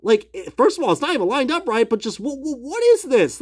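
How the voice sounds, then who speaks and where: A man ranting in a profane, comic review, swearing and laughing at his own jokes while he swings between outbursts and low mutters. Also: very animated, brisk. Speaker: die-cast car reviewer. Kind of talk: profane comedic review rant.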